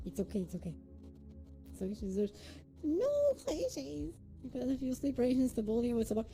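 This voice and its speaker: A woman's voice: fairly high pitch, fairly quick, mellow, soft background music. A woman live streamer chatting casually with her viewers, thanking them by name and swinging between giggles and near tears.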